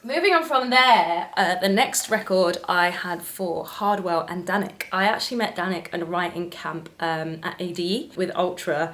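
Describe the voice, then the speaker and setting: A woman in her thirties, a singer, chatting casually to camera about records she has sung, with friendly advice for other singers. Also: fairly low pitch. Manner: chatty, warm-hearted advice, sings short snippets. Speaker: singer and vlogger.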